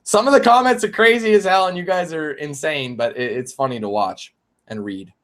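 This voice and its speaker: A man in his twenties chatting on a live-streamed Q&A, animated, swearing and laughing often. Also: fairly high pitch, moderate pace. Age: 20s. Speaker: YouTube gamer and streamer.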